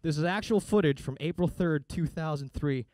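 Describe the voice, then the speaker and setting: A man's voice: on the high side, moderate pace, a little mellow, dry recording. A man doing a stand-up comedy set, with a sarcastic, punchy delivery and mock voices. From United States.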